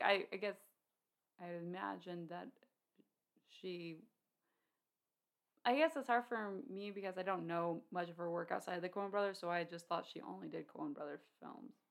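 A woman's voice: lowish voice, normal speed, gravelly. A woman co-hosting a casual film discussion, chatty, with many fillers and restarts.

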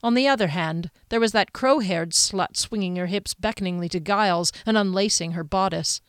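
A woman narrating a fantasy novel in a steady storytelling manner. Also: mid-range voice, normal speed, clean tone, no room sound, clean studio sound. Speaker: audiobook narrator. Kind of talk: scripted narration.

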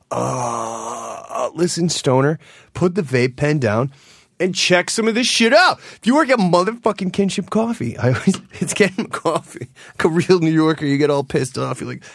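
A man hosting a podcast in casual chat, animated and jumpy, cursing freely. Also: mid-range voice, brisk, no room sound, studio quality. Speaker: podcast host.

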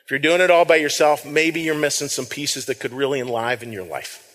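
A man's voice: medium pitch, fairly quick, a bit bright. Male pastor preaching in an echoing hall. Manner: conversational, repeats words, reads scripture aloud. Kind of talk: sermon. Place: church sanctuary.

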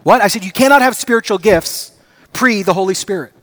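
A man preaching a sermon as pastor, telling stories with acted-out dialogue and rising to excited emphasis. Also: high-pitched, fairly quick.

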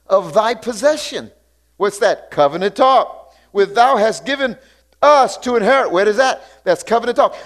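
Male pastor with a high voice, preaching, reading scripture aloud and calling out hallelujahs. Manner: preaching with call-outs and repeated hallelujahs; reads scripture aloud and comments on it. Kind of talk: sermon.

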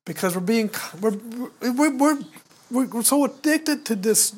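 A man's voice: very high-pitched, lively intonation, unhurried. A man in his sixties co-hosting a podcast, preaching and exhorting listeners, repeating words when he gets heated. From United States. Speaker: podcast co-host.

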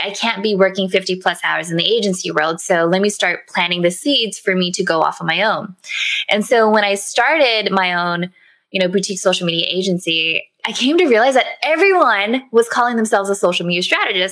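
A woman guest on a podcast, telling stories in a lively, casual way. Her voice is mid-range for a woman, and she fills her talk with "like" as she goes. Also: medium pitch, fast. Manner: animated storyteller, many "like" fillers. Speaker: podcast guest, social media strategist. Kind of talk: casual interview chat.

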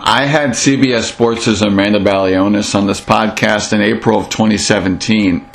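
A man hosting a podcast, talking earnestly in a casual interview and sometimes repeating words as he gets through a sentence. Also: fairly low pitch. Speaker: podcast host.

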